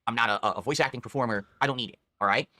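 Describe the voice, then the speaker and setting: A man's voice: medium pitch, rapid-fire, background noise. A man explaining his new microphone to viewers in a defensive, rambling way. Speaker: content creator reviewing a microphone. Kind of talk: product talk to viewers.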